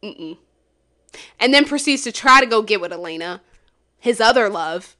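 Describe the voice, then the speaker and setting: A woman hosting a solo podcast, chatting casually, blunt and profane, swinging from low mumbles to loud exclamations. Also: lively intonation, moderate pace. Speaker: podcast host.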